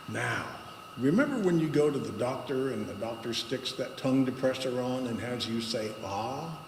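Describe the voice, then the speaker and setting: A man speaking to a congregation as a guest speaker, guiding a voice exercise with slow, paused instructions. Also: mid-range voice, expressive. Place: spiritual center meeting hall. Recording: echoey hall with long reverb and background noise.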